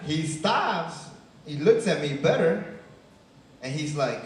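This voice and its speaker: Slow-paced and animated, with a voice that's a little high, a young Chicago stand-up eases through a casual club set, tacking on "man" and "right?". The echoey room makes him sound far away.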